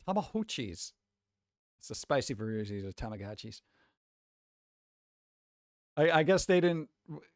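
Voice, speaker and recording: A man's voice: a little high, no echo, studio quality. A man chatting casually on a live stream, rambling and swearing as he reacts to posts, with frequent restarts. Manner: loose, profane, rambling with restarts.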